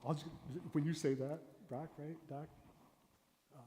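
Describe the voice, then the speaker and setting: Pastor teaching storytelling in an echoey hall. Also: male voice, fairly high pitch, normal speed, a little hiss or hum. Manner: animated, acts out storytelling voices, drops to a whisper for suspense. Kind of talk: interactive workshop lesson. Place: church hall. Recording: echoey hall, long reverb.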